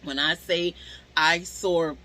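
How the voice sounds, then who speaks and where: Bright, animated New woman storyteller. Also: lowish voice, slow, poor audio. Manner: animated, swears freely, talks straight to viewers. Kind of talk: casual storytime vlog.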